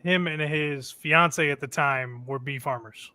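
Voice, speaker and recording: A man with a slightly high, bright voice co-hosts a casual baseball chat. He talks in a measured way and drops dry asides. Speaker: co-host.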